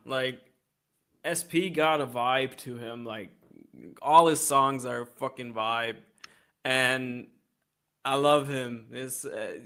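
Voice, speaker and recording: A man's voice: medium pitch, creaky, sharp tone. A man co-reviewing a song on a livestream, enthusiastic and swearing freely. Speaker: co-host reviewer. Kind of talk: casual livestream music critique.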